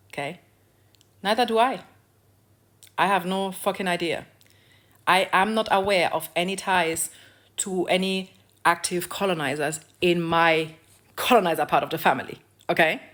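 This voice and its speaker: A young African woman ranting in a blunt, profane vlog of social commentary, lecturing and repeating phrases for emphasis. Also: fairly low pitch. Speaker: video creator.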